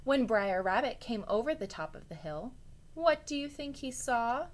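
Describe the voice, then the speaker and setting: A woman teacher reading a story aloud to students in an expressive way, with chatty asides to the children. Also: a little high, moderate pace.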